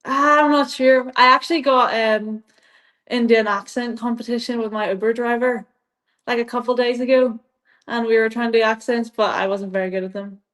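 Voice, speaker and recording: A woman's voice: a little high, fairly even intonation, normal speed, a bit bright. A young woman with an Irish accent, a guest chatting casually in an interview, rambling with lots of "like" and frequent laughs. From Ireland. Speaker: guest athlete.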